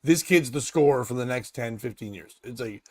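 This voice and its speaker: A man's voice: medium pitch, a little fast, dry recording, clean studio sound. A man hosting a morning talk show, talking loosely and crudely, rambling and laughing as he retells stories. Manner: crude, rambling, laughs often, acts out quotes. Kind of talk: casual chat.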